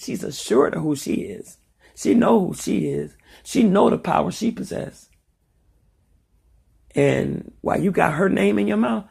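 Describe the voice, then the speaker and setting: A middle-aged woman talks straight to her viewers, blunt and profane as she tells a heated story. Her voice is deeply gravelly with a husky, raspy edge. Her pitch swings widely from high to low. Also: darkish tone. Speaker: vlogger. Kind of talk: casual monologue vlog.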